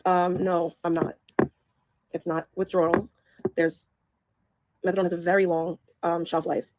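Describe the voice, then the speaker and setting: With a fairly low pitch and flat delivery, a woman speaks over background noise during a casual livestream chat. She's a mother who talks quickly, defending her daily routine insistently.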